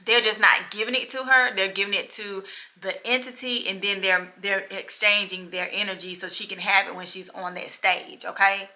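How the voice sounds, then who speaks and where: A woman's voice: mid-range voice, fairly even intonation, moderate pace, sharp tone. A woman medium talking casually and emphatically to her viewers, repeating her key points and checking in with them often. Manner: addresses viewers directly with frequent checks. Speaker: spiritual medium. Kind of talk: casual vlog monologue to viewers.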